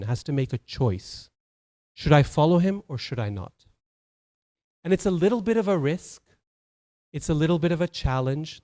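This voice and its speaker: A man's voice: fairly high pitch, darkish tone. A man giving a Sunday sermon as a temple speaker, telling stories conversationally, with many fillers and restarts.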